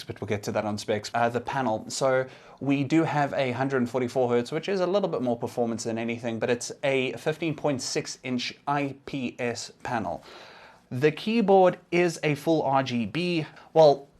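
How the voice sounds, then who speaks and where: A young man giving a casual, explanatory tech review, occasionally restarting his sentences. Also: mid-range voice.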